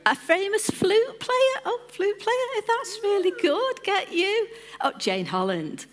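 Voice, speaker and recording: A woman's voice: very high voice, sing-song, slow. A woman on her church's lead team, giving an informal sermon, playful and chatty as she calls on the congregation by name. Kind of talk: informal sermon with audience interaction.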